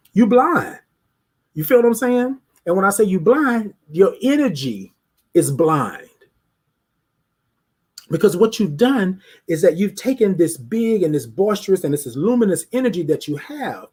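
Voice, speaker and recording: Husky man preaching to his viewers. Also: a little high, darkish tone. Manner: preachy, emphatic, talks straight to viewers. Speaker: host of a live talk show. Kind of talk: motivational live-stream monologue.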